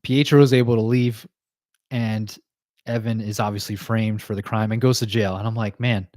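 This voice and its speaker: Hosting a laid-back livestream, a male podcaster walks through cartoon episodes with plenty of laughter, filler words, and quick tangents. His voice is lowish and darkish with fairly even intonation, recorded cleanly in a studio without echo.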